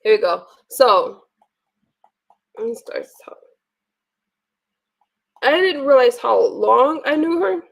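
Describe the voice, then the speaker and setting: Casting: woman livestream host, gravelly fry, blunt and profane, rants with restarts. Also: fairly high pitch, big pitch swings, slow pace, long pauses. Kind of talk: casual livestream rant.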